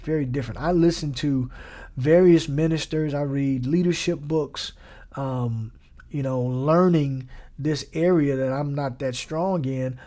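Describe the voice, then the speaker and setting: A man's voice: mid-range voice, unhurried, dark tone. A man delivering a conversational sermon, casual and emphatic, repeating lines for effect and mixing in slang. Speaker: preacher.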